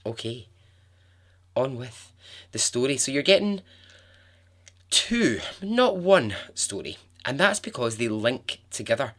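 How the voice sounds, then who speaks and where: A man hosting a podcast, telling a true story in a chatty, expressive way with frequent asides to the listener. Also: medium pitch, slow pace, long pauses. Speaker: podcast host.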